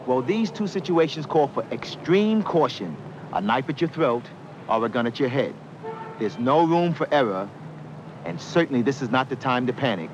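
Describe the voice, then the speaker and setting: A man speaking calmly to camera, giving measured, earnest advice on staying safe during a robbery. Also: medium pitch. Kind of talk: direct-to-camera educational talk. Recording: dull lo-fi 1970s film sound, faint street noise.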